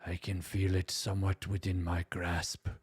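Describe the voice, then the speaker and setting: A man's voice: sits low, monotone, moderate pace, husky. A man casting a game tournament, chatting casually during a break in a rambling, self-amused way. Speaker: tournament caster.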